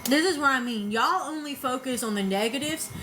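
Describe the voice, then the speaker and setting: Woman, high voice, blunt and defensive, faint background noise. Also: a little fast, pushed and bright, rough recording. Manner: blunt, defensive, swears freely. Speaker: vlogger reacting to videos. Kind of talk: casual reaction commentary.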